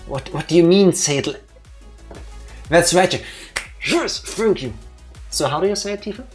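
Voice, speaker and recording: A woman's voice: fairly low pitch, animated, normal speed, soft background music. A woman with a Danish accent co-hosting a let's play, chatting casually in a playful, teasing way with theatrical asides. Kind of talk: casual chat over gameplay.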